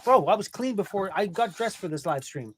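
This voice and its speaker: A man's voice: high voice, animated, brisk, a little hiss or hum. A man chatting casually on a live stream from a workshop, laughing and calling everyone bro, with a dog close by. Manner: laid-back, laughing, calls everyone bro. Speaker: van-life live streamer.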